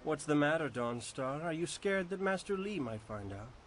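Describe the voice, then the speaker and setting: A man's voice: on the high side, expressive, moderate pace, soft background music, natural voice. An actor voicing an arrogant rich young man in a video game, who speaks in a smug, haughty, pushy way.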